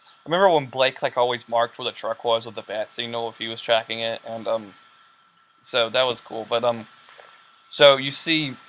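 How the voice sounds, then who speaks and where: Bright, rambling young podcast guy. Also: medium pitch, moderate pace, slight background noise. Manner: rambling, excitable, full of fillers and quoted lines. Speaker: podcast host. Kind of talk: casual chat.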